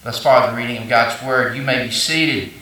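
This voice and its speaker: A man's voice: medium pitch, fairly even intonation, normal speed, sharp tone, a little hiss or hum. A male pastor preaching a sermon, folksy storytelling with fillers and restarts. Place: church sanctuary. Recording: echoey church hall, mic at a distance.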